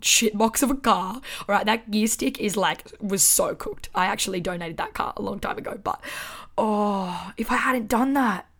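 Expressive young Australian woman podcaster. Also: medium pitch, normal speed. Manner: expressive, frequent swearing, emphatic. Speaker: podcast host. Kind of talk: casual motivational podcast monologue. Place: her house. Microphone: studio microphone.

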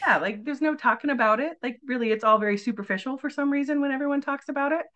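A woman's voice: high voice, quick pace, a bit bright. Chatty woman guest in her forties. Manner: chatty storyteller, many "like" fillers. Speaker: podcast guest. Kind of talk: casual interview chat.

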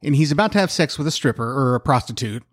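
A man's voice: medium pitch, expressive, fast talker, dry recording, studio quality. A man co-hosting a podcast in casual chat, recapping a plot step by step. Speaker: podcast co-host.

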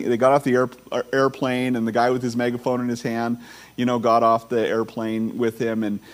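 A man's voice: mid-range voice, darkish tone. A man, a teaching pastor, reading scripture, praying and telling a story in a conversational sermon, often repeating words and restarting. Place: church sanctuary.

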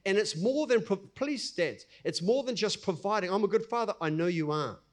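High-voiced New pastor preaching. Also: male voice, lively intonation, normal speed. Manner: conversational preaching, acts out little scenes. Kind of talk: sermon.

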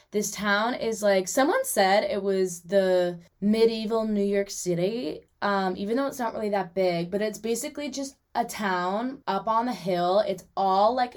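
A young woman hosting her own podcast, chatting casually and animatedly about her weekends, with lots of "like" and quick asides. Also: mid-range voice. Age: young adult. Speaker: podcast host. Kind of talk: casual solo podcast chat.

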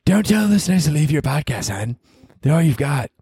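A man's voice: a little high, very animated, a little fast, a little mellow, breathy edge, no room sound, clean studio sound, voice pushed up, exaggerated voice. A man voicing a bossy woman partner who teases and scolds him, calling him hon. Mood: teasing.

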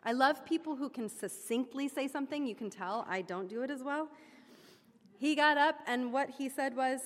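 A woman's voice: high-pitched, moderate pace, fairly bright tone. Chatty woman speaking in a reverberant hall. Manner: chatty, self-deprecating, with frequent fillers and restarts. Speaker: church member reporting back to her congregation. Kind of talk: informal sermon-style report.

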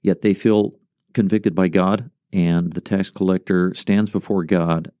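A man's voice: deep voice, steady tone, a little slow, dark tone, no room sound. A man who is a pastor, co-hosting a teaching podcast in a conversational way, asking questions and affirming.

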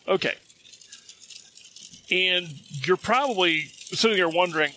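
Bright-voiced storytelling man. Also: a little high, animated, a little slow, a little hiss or hum. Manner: chatty, self-amused, chuckles at his own jokes. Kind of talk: casual storytelling.

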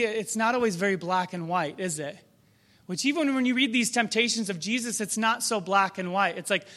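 A man's voice: sits high, fairly bright tone. A man preaching a sermon in a conversational, reflective way, often posing rhetorical questions to the congregation.

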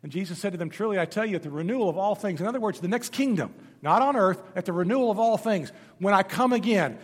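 In a long, reverberant hall, a male pastor tells stories as he preaches at an animated, quick pace. Some lines come out loud and emphatic, while others drop to a hushed, low register.

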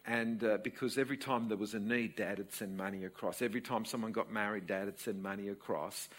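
This Australian-accented pastor, a man in his sixties, delivers a sermon and shares a family story with his congregation in a lively storytelling style. He speaks on the low side and at a fairly quick pace.

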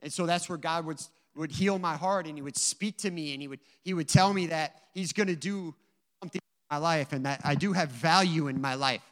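A man's voice: fairly high pitch, a little fast, big-room sound. Man telling an emotional testimony. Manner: earnest, emotional storytelling with many asides. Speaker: guest speaker giving a testimony. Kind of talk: personal testimony talk.

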